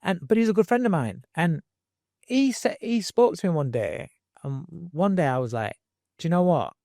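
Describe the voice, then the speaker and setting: A man's voice: a little high, very animated, moderate pace, a little mellow, no room sound, clean studio sound. A middle-aged man, a boxing trainer, telling his story earnestly in an interview, restarting and repeating himself, with casual slang. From Britain.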